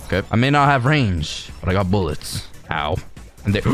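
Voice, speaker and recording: A man commenting casually on his own online match, excitable and jokey, yelping at surprises. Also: on the low side, normal speed, faint music behind. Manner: excitable, jokey, laughs often and yelps at surprises. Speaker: gaming channel host.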